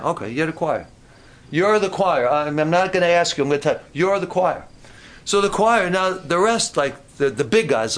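At a camp meeting, a man preaches a sermon directly to the congregation, joking at his own expense and rising to near-shouts when he gets fired up. His voice is on the high side.

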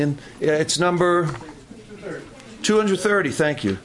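A man with a high voice preaches a sermon to a church congregation. He talks in repeated phrases and puts questions to the people in front of him. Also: lively intonation, unhurried, fairly bright tone. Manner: repetitive, call-and-response preaching with audience questions. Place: church service.

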